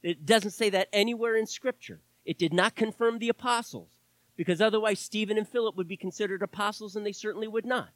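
A male pastor preaching a sermon, impassioned, swinging from loud declarations to hushed asides and calling out to his congregation. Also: sits high, steady tone, quick pace, no echo, low-quality recording.

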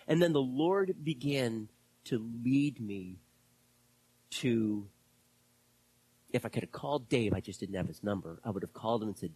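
A man preaching a sermon as pastor, impassioned and then dropping to hushed, whispered prayer. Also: mid-range voice, lively intonation, moderate pace, slightly rough, no echo.

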